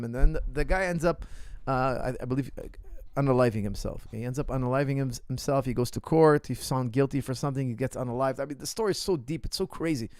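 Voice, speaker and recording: A man coaching fighters talks loosely through a Q&A, mid-pitched and lively as he tells stories and mimics the people in them. He often restarts his phrases and repeats words. The sound is dry and close, with no room echo. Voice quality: animated storyteller, acts out quoted people. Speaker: martial arts coach hosting a Q&A. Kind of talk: casual livestream Q&A chat.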